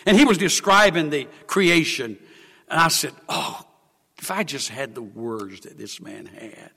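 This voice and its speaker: A man preaching a sermon, swinging from hushed, emotional confession to loud exclamation. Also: a little high, lively intonation, a little slow, husky, in a large hall.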